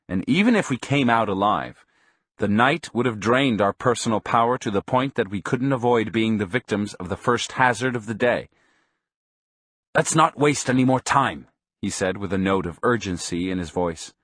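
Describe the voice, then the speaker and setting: A man reading an audiobook in scripted narration, measured and even. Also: mid-range voice, dry recording, studio quality.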